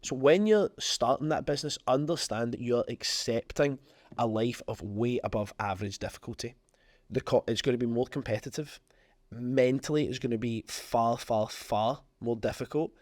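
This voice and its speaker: A man's voice: medium pitch, normal speed, no echo. Frank man, dry close sound. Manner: emphatic, frank, conversational. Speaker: podcast host. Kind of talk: motivational business talk.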